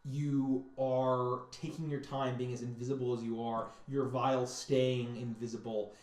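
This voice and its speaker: A man narrating a tabletop game as game master, halting and repeating words as he describes scenes. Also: medium pitch, level tone, a little mellow. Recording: echoey room.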